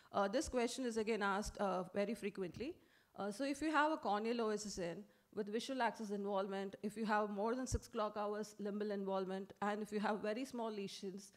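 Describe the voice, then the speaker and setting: Woman lecturing with many uh's. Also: medium pitch. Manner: many filler "uh"s, brisk and explanatory. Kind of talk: medical teaching lecture.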